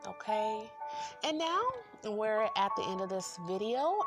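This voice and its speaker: A woman's voice: medium pitch, lively intonation, measured pace. A woman hosting a book review channel, talking loosely and encouragingly and repeating affirmations. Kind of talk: casual spoken book review. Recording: music playing behind voice.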